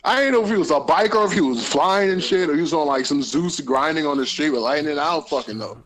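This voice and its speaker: A young man co-hosting a podcast, telling a story casually with lots of laughter and profanity, acting out the people he quotes in loud voices. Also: on the high side, fast talker. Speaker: podcast co-host.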